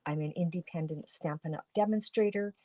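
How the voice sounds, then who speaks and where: A woman's voice: fairly low pitch, brisk, dark tone, no echo. A woman from Canada, a papercraft demonstrator, talking through a casual craft tutorial in a groggy morning voice, chatty with many fillers and restarts.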